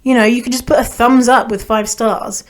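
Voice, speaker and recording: A woman's voice: on the high side, steady tone, normal speed. A young adult woman from Canada hosting a solo podcast, chatty and blunt, swearing freely and laughing as she talks. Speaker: podcast host. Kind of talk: casual solo podcast chat.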